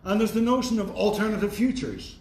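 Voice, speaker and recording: A man's voice: high voice, lively intonation, brisk, darkish tone. A man giving a university lecture in a thoughtful, conversational way with wry asides. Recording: roomy echo, faint background noise.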